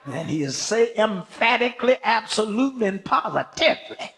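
A fervent older man preaching a sermon, his gravelly voice pitched high for a man. He delivers it slowly and deliberately, swinging widely up and down, and punctuates his points with praise and sudden shouts. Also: sing-song. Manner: fervent preaching with frequent hallelujahs and shouted emphasis. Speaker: bishop preaching.

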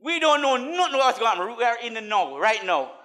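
A man preaching a sermon as a minister, mixing laughing asides with chanted, call-and-response lines and swinging from soft talk to shouts. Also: extremely high pitch, big pitch swings, brisk.

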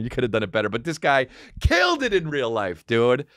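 A man hosting a comedy podcast, reacting to a clip with loud, profane, laughing commentary. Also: a little high, very animated, fast talker, hardly any pauses, no room sound, studio quality. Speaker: podcast host.

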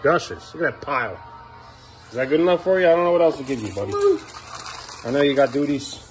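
Faint music plays behind a man with a fairly high voice, lively intonation, and a fast way of talking as he films a casual family vlog at home. Indoors, he patiently and playfully coaxes his young sons along. There's clear background noise in this home video.

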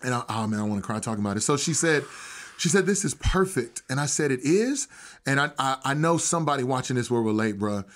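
A man's voice: mid-range voice, quick pace, a bit bright. A man speaking as a podcast guest in a casual interview, telling a story in an earnest, heartfelt way with frequent restarts and familiar slang. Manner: slangy and familiar, calling the hosts bro.

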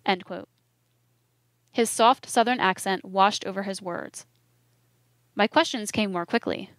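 A woman narrating a first-person audiobook in a measured, earnest storytelling manner. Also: mid-range voice, a bit bright, no room sound, clean studio sound.

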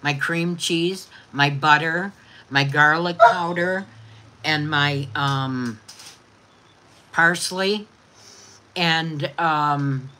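A woman's voice: low-pitched, extremely slow, pauses often, pushed and bright, a little hiss or hum. A woman hosting a casual livestream, chatting affectionately with viewers and explaining a recipe. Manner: affectionate, reads viewer comments aloud. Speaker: livestream host.

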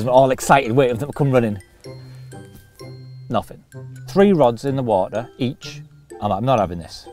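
A man telling a long funny fishing anecdote, laughing often and acting out the other voices. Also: fairly low pitch. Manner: animated storyteller, laughs often, acts out voices. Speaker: carp fishing show regular. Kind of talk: storytelling anecdote.

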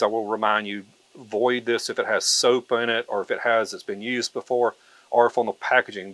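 A man's voice: mid-range voice, fairly bright tone, no echo. A man giving a hands-on tutorial, talking in a folksy, practical way and often repeating himself. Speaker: turkey call maker demonstrating.

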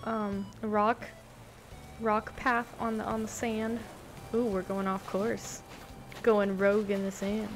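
A woman's voice: a little high, poor audio. A young woman in casual reaction commentary, touring a video game island and gushing, repeating words as she reacts. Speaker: gaming vlogger. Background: game background music.

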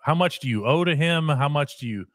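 Playful, lively co-host man. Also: on the high side, a little fast, no echo, studio quality. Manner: playful, teasing, reads questions aloud. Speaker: co-host reading viewer questions. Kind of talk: casual sports talk.

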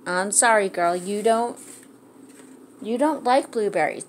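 A woman's voice: medium pitch, a little slow, long pauses. A woman talking fondly to her pets, coaxing and praising them in casual chat. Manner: coaxing, fond pet-talk. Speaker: pet owner filming her animals.

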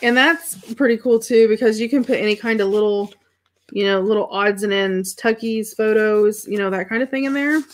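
A middle-aged woman with a mid-range voice hosts a crafting livestream at a moderate pace. She thinks aloud while she works and chats with viewers about their comments in a casual craft-demonstration style.

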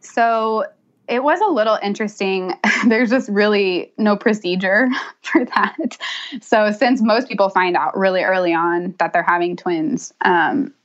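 A woman's voice: mid-range voice, lo-fi sound. A young woman telling her birth story as a podcast guest, chatty and laughing often. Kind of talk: casual interview storytelling.

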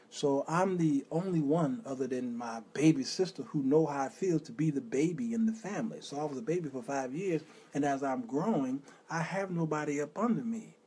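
Husky middle-aged man telling his story. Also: mid-range voice, warm tone. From Chicago, west side. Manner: emotional storytelling with sung snippets. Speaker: host. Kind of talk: personal testimony talk.

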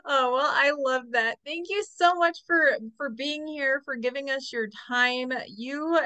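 An upbeat woman hosts a casual video call interview and keeps things encouraging. Her voice is high and bright. The sound is dry and close. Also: a little slow, no echo. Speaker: host.

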